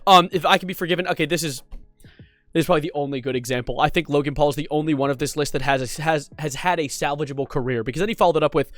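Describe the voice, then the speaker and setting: A man's voice: fairly high pitch, very fast, a bit bright. A man commenting on internet drama in a sarcastic, incredulous way, often breaking into laughter. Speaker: YouTube commentator.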